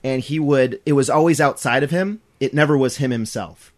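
A man's voice: mid-range voice, normal speed. Man animatedly retelling a TV episode. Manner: animated retelling, acts out characters. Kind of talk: casual chat.

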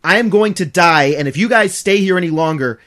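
A man's voice: on the high side, very animated, slow, husky, heavily acted. A man voicing a wounded middle-aged king who is resigned and earnest, speaking in a pleading, solemn way.

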